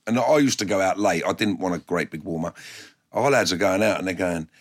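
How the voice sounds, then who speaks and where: Blunt ex-footballer in his own words, lower-pitched, telling tales with lively put-on voices. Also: fairly quick. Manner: blunt, animated, puts on voices when quoting. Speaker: former footballer. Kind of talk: anecdotal storytelling in a documentary interview.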